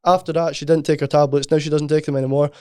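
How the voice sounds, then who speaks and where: A man, co-hosting a podcast and telling a personal story in a quick, earnest way. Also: fairly high pitch, flat delivery, dark tone, no room sound, studio quality. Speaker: podcast co-host. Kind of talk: casual podcast conversation.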